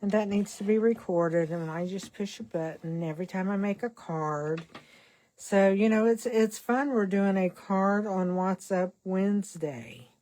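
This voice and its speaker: A woman's voice: mid-range voice, a little slow, mellow. An older woman hosting a casual card-making vlog, chatting in a rambling way with self-deprecating asides while she works. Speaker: card-making channel host. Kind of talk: casual crafting vlog chat.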